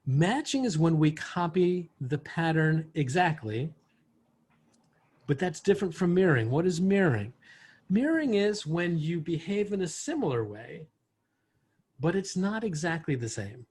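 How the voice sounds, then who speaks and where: A man's voice: fairly high pitch, big pitch swings, unhurried, darkish tone, husky. A man teaching communication skills in an online workshop, explaining with worked examples over a video call. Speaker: workshop instructor.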